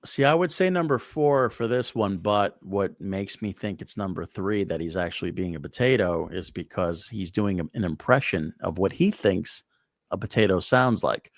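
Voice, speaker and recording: A man's voice: low-pitched, normal speed, dry recording, clean studio sound. A man who is a guest on a live stream, joking around and often stammering on repeated words. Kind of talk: casual chat on a live stream.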